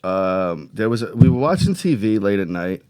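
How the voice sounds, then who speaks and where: A man's voice: on the low side, big pitch swings, normal speed, darkish tone, clean tone, no room sound. A man with a Long Island accent, co-hosting a casual chat show and speaking emphatically, with plenty of swearing. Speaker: co-host.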